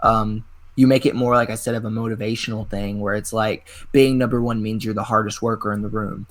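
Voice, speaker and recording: Animated young man telling wrestling stories. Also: lowish voice, fairly quick. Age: 20s. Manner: animated rambling storyteller, heavy on filler words. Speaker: pro wrestler guest. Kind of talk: casual interview storytelling.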